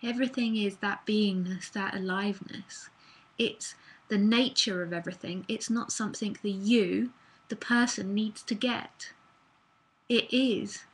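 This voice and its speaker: A woman's voice: medium pitch, steady tone, measured pace, breathy edge, rough recording. A woman speaking as a spiritual teacher in a live online talk, earnest and casual, with fillers and the odd swear word, into a computer mic.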